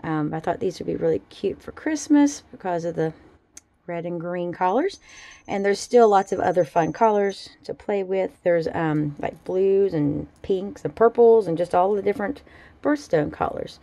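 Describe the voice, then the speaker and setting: Soft-toned woman chatting about crafts. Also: fairly low pitch, moderate pace, vocal fry, no echo. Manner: chatty, relaxed, fond little asides. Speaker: jewelry-making vlogger. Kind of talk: casual show-and-tell.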